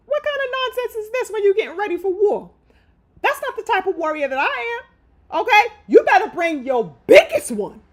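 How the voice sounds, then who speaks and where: A woman's voice: extremely high pitch, very animated, normal speed. A woman hosting a live boxing talk stream, ranting in a heated, emphatic and profane way. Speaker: boxing commentary host. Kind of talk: live opinion commentary.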